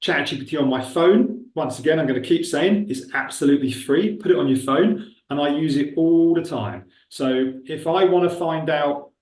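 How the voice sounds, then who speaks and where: A man's voice: fairly high pitch, normal speed, hardly any pauses, a little mellow. Casual man presenting from a roomy distance. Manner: casual, thinking aloud with many fillers. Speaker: webinar presenter. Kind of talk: live software demo talk.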